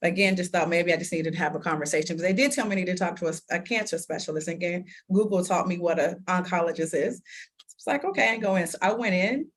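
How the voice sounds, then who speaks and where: A woman in her thirties, an interview guest, telling a personal story in lively conversation, laughing often and acting out what people said. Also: on the low side, quick pace. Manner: animated, laughs often, acts out quoted dialogue.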